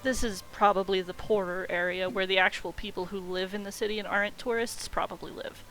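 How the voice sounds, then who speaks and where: A woman narrating a tabletop game as game master, relaxed and full of fillers. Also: medium pitch, a little fast, faint music behind, low-quality recording.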